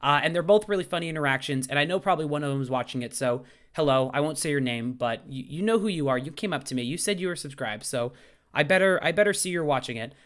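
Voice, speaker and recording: A young man in his twenties, a high school English teacher, answering viewer questions in a casual vlog, animated and outspoken with some casual swearing. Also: fast, few pauses.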